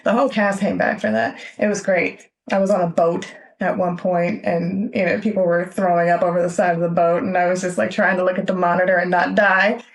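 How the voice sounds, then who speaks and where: A woman's voice: fairly low pitch, a little fast. A woman film editor from Los Angeles, chatting animatedly in an interview, often laughing and acting out what people said. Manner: animated, laughs often, acts out quoted lines. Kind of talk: casual interview chat.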